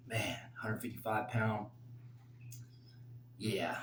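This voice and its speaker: A man giving his fight picks in a casual, rambling solo talk that turns emotional and excited. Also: medium pitch, unhurried, roomy sound, noisy background. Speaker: host making fight picks.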